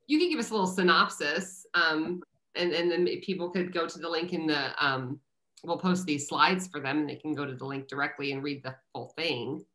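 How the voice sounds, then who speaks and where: A woman with a notably low voice moderates a webinar over a video call. She speaks in a friendly, relaxed way, pausing on fillers now and then.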